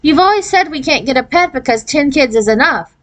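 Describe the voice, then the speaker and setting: A woman's voice: high voice, lively intonation, a little fast, no echo, pitched above the performer's own voice. A woman voicing an earnest, persuasive oldest boy in a storybook reading.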